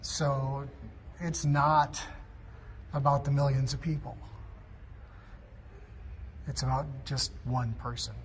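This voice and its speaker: Man, father, testimonial, soft and hesitant, unhurried. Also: mid-range voice, steady tone, a little hiss or hum. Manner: hesitant, halting, soft-spoken. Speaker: parent giving testimony. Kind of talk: personal testimonial.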